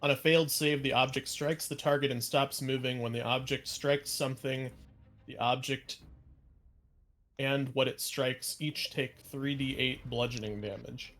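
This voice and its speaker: A man's voice: mid-range voice, fairly even intonation, a little slow, a bit bright, faint music behind. A man playing a tabletop game, reading rules aloud and thinking things through with some uncertainty. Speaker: player.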